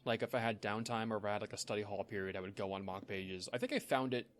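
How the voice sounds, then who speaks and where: A young man in his twenties who talks quickly in a casual podcast chat. He is animated and acts out what he was thinking at the time, stepping through it out loud. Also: on the low side. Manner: animated, acts out his own past inner monologue. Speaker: podcast co-host.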